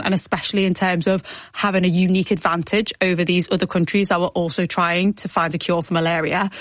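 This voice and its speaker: A woman's voice: lowish voice, no echo. Woman presenter telling a story. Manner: clear explanatory storytelling. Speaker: radio presenter. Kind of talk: scripted radio documentary narration.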